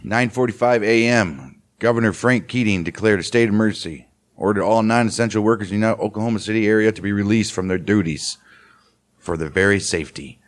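A man's voice: fairly low pitch, fairly quick. A man co-hosting a podcast, reading history aloud with muttered reactions and some stumbles. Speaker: podcast co-host. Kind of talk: reading history and casual chat.

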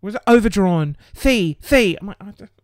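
A man's voice: high-pitched, lively intonation, normal speed, no room sound. A man venting in a casual vlog, exasperated and sweary, laughing through his frustration. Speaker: small business owner.

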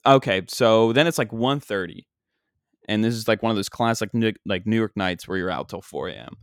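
A man's voice: medium pitch, moderate pace, no room sound, studio quality. A young man hosting his own podcast, telling a rambling comic story full of fillers into a single microphone. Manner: rambling, many fillers and restarts. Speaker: podcast host and stand-up comic.

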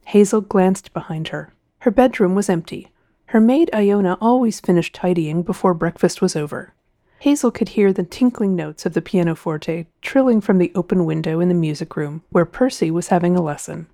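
Brief: female audiobook narrator, warm and mellow, dry close-mic studio sound. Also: fairly low pitch, dry recording. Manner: expressive, measured storytelling. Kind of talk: scripted narration.

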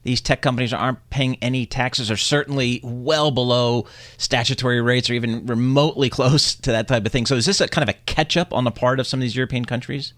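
A man's voice: mid-range voice, fairly even intonation, a little fast, a bit bright, no room sound. A man co-hosting an interview, asking casual, probing questions. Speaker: co-host.

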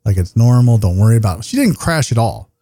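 A man in his thirties hosts a casual podcast, his voice tired and a little worn. He rambles and jokes, dropping profanity as he goes, in a mellow, darker tone. The mic is close and dry. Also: medium pitch, sing-song, quick pace, dry recording. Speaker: podcast host. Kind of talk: casual chat.

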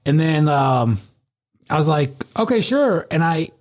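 A man's voice: a little high, unhurried, a little mellow. A man, a former bouncer, telling a story in casual chat and swearing freely. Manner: swears freely, laughs through his stories.

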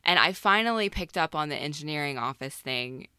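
A woman with a very low yet bright, sharp voice chats casually about films. She is relaxed and agreeable, and the sound is dry and close. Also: a little fast, clean tone, dry recording. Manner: relaxed, agreeable, laughs easily. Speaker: podcast co-host. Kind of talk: casual film discussion.

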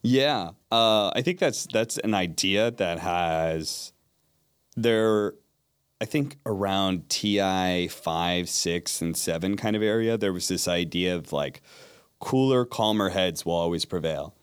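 A man's voice: low-pitched, slow pace, clear, resonant tone. A man who works as an esports play-by-play caster, chatting casually and animatedly in an interview, laughing often.

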